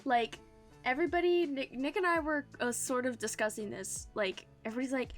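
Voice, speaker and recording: A woman's voice: sits high, expressive, a little fast, a bit bright, faint music behind. A young woman co-hosting a podcast, chatting in a bubbly, emphatic, playful way. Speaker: podcast co-host. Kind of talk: casual podcast chat.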